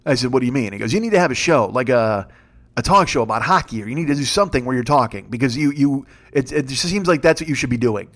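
A man's voice: mid-range voice, expressive, fast, a bit bright. A man in his fifties, a comedian and podcast host, telling a rambling, profane story with exasperated rants. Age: 50s. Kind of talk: storytelling monologue.

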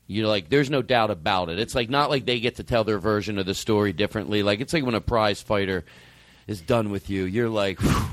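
A middle-aged man hosts a loose comedy conversation with an animated, storytelling delivery. He swears freely and jumps into little acted-out quotes as he talks. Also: fairly low pitch, fairly quick, dry recording. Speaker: podcast host. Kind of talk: casual comedic chat.

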